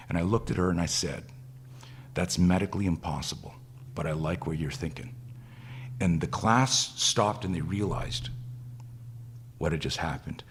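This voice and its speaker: A man's voice: low voice, moderate pace, pauses often, fairly bright tone, a little hiss or hum. A man, a self-defense instructor, telling a story in a podcast interview, intense and profane, acting out the lines of the people in it. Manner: intense, profane, acts out quoted dialogue.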